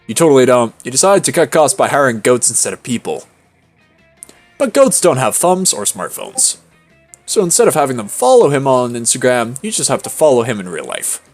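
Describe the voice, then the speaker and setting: A man's voice: mid-range voice, big pitch swings, brisk, soft background music. A man streaming a game, reading its text aloud in a casual manner that includes swearing.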